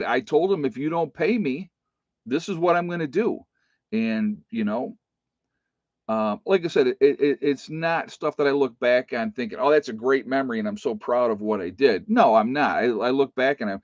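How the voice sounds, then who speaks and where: A man's voice: medium pitch, expressive, moderate pace, dry recording. Rambling middle-aged man, dull dry sound. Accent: Appalachian American. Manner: rambling, many fillers and restarts. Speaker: channel host. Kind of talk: casual storytelling to viewers. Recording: dull dry home recording.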